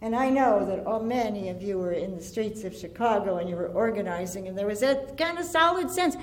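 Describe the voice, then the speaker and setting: A woman giving an impassioned antiwar speech, earnest and deliberate, building her points through lists. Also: mid-range voice, expressive, slight background noise. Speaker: antiwar activist speaker.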